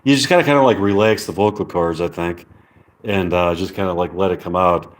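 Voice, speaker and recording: Halting male live streamer, fairly low voice. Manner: halting, reads viewer comments aloud. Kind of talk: casual live stream chat.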